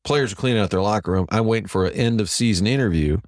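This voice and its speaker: A man's voice: on the low side, fast talker, no room sound, clean studio sound. A middle-aged man, a TV sports director, telling stories as a guest in a casual interview and acting out what others said. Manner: animated anecdote teller who acts out quotes.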